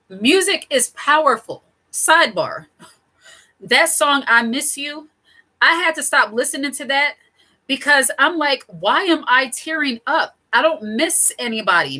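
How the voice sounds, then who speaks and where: Middle-aged woman host, chatty and digressive, bright higher voice, casual advice to camera. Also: rough recording. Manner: chatty, digressive, laughs often. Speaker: channel host.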